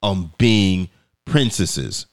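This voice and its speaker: Animated, profane male podcast host. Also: low-pitched, very slow. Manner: profane, animated storytelling with quoted voices. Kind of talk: casual podcast chat.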